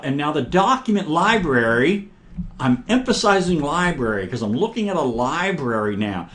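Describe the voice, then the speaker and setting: Man talking through a software demo. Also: fairly high pitch. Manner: casual, talks through each click, frequent throat clearing. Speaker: software instructor. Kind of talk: screen-recorded software demonstration.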